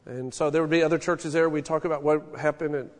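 A man in his forties preaching a sermon, telling stories with an animated, folksy manner. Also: a little high, fast. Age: 40s. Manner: storytelling, animated, folksy asides. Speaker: pastor. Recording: long hall reverb.

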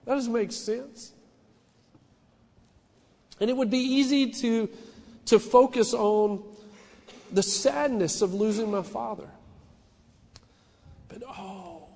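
A middle-aged pastor with a fairly high voice preaches earnestly, stumbling into restarts and lifting his emphasis as he presses a point. His words ring out with a long reverb, as in a large church hall. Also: a little mellow, a little hiss or hum. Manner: earnest, personal, with frequent restarts and rising emphasis. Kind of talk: sermon.

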